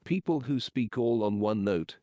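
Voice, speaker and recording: A man narrating an English lesson in slow, measured, explanatory sentences. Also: medium pitch, animated, warm tone, no echo.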